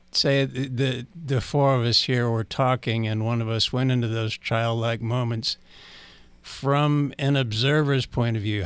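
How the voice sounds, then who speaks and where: A man's voice: mid-range voice, fairly bright tone, clean tone, dry recording. A man co-hosting a radio talk, asking questions with a light joking touch. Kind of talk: casual radio discussion.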